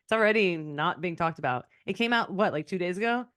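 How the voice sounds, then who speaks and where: A woman's voice: lowish voice, lively intonation, fairly quick, a bit bright, dry recording, clean studio sound. A woman co-hosting a podcast in casual gossip chat, talking bluntly and sarcastically over a video call. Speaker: podcast co-host.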